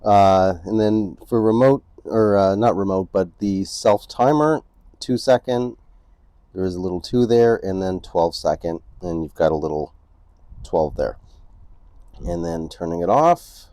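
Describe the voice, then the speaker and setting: Speaking at a measured pace, a man with a deep, warm voice hosts a casual camera tutorial for his photography channel, set indoors at home near a couch. Each step gets explained, and he repeatedly checks in with "right?". The recording is dry and studio quality.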